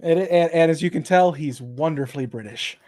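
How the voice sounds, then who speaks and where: A man's voice: on the high side, fairly quick, a little mellow. A young man with a South Texas accent hosting a casual livestream chat, rambling with lots of restarts. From Texas, USA. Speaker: host. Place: home room with open window.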